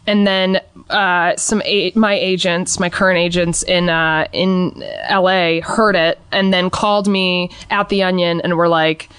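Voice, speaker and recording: Young woman, smooth dry voice, animated storyteller who jumps up in pitch for quotes. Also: measured pace, few pauses, dry recording. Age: young adult. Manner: animated, acts out quotes in a higher voice. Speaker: guest. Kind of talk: casual storytelling.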